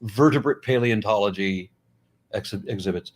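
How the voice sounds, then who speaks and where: A middle-aged American man talking casually as a guest, blunt and profane, animated, with frequent restarts. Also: lowish voice, moderate pace. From United States. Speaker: YouTuber and guest. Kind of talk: casual conversation.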